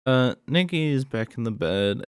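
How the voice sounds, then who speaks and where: A man's voice: medium pitch, expressive, normal speed, smooth, dry recording, studio quality. A man casually recapping a horror movie plot in a rambling way, with many fillers and asides.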